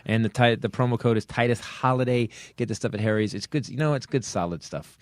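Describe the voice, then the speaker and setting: This middle-aged man's voice is mid-range and quick-paced, with no echo. Hosting a comedy podcast, he chats and launches into an earnest, angry rant loaded with swearing and frequent restarts.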